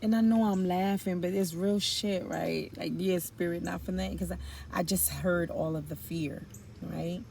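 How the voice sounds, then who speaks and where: A woman's voice: fairly low pitch, fairly even intonation, moderate pace, vocal fry, a little mellow, slight background noise. A woman giving an intuitive tarot reading, musing aloud in informal slang with rambling asides and fillers. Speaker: tarot reader.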